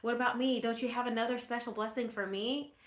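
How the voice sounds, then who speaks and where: A woman's voice: fairly high pitch, fairly even intonation, fast talker, voice pushed up, natural voice. A woman voicing a grieving young man who pleads tearfully with his father for a blessing. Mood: pleading. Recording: roomy echo.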